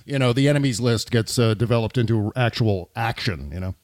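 A man's voice: medium pitch, fairly quick, darkish tone, dry recording, clean studio sound. A man hosting a political talk show, chatting animatedly and laughing often. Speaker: podcast host.

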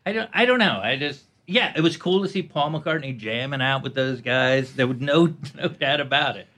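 A man, a guest on a podcast, chatting casually and giving animated, opinionated takes. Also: mid-range voice, moderate pace. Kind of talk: casual chat.

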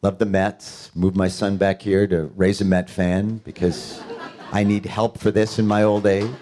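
A middle-aged actor from New York who chats at a panel Q&A and tells his stories with laughs and quick asides. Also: deep voice, level tone, crowd noise. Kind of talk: casual storytelling at a panel Q&A.

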